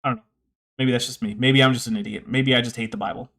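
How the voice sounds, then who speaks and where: A man's voice: mid-range voice, steady tone, quick pace, fairly bright tone. A man hosting a livestream, giving opinionated commentary with sarcastic asides and reading out viewer comments.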